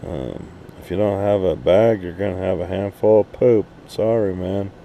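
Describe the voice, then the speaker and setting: A man's voice: sits low, normal speed, creaky, muffled recording, a little hiss or hum. A man in a profane, blunt, rambling casual rant, recorded outdoors at night at an RV park. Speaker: RV vlogger.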